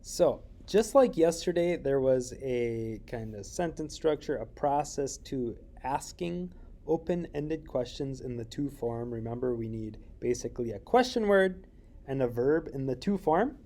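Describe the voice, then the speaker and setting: A man teaches a recorded Spanish lesson, walking through each point with frequent fillers and checking questions. His delivery is slow and deliberate. The voice is mellow and dark. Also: mid-range voice, lively intonation.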